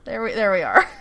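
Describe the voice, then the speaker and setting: A woman's voice: a little high, creaky, bright, forceful tone. A woman co-hosting a podcast, animatedly recapping a TV episode with giggles and casual swearing. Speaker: podcast co-host.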